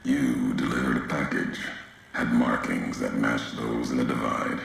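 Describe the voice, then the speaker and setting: An actor playing a grim, brooding male wanderer in a video game, speaking in slow, solemn fragments with a deep gravelly voice. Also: a bit bright, very echoey, a little hiss or hum, heavily acted.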